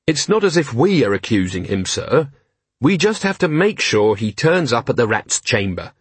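An earnest, cheerful young guard captain, as a man reads him, polite and eager to explain. The voice carries a husky grain and sounds close and dry. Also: medium pitch, big pitch swings, moderate pace, no room sound.

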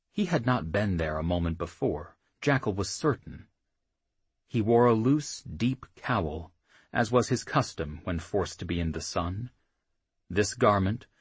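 A man narrating a fantasy audiobook in an even, deliberate reading style. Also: fairly low pitch, slightly rough, dry recording.

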